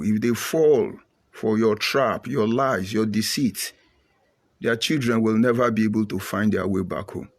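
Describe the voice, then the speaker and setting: A middle-aged Nigerian man speaking with an emphatic, preachy drive. He hammers his points home and often repeats them. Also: on the low side. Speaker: commentator. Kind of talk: impassioned monologue.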